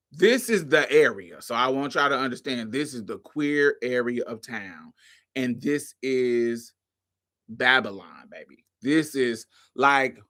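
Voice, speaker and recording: A woman's voice: extremely low pitch, a bit bright. A woman hosting a show, casually telling a story to her listeners, swearing freely and calling them y'all, honey and baby. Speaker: host.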